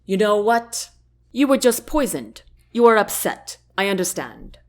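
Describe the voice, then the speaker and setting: A woman's voice: medium pitch, sing-song, a little slow, darkish tone. A woman voicing a smug, condescending male chancellor in a storybook reading, with a haughty, dismissive manner.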